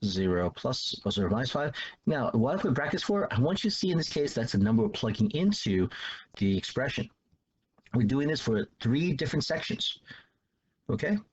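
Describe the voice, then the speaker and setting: A man's voice: mid-range voice, big pitch swings, normal speed, husky, dull audio. A man teaching a math lesson in a casual, loose way, repeating himself as he explains. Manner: loose, repetitive explaining with restarts and fillers.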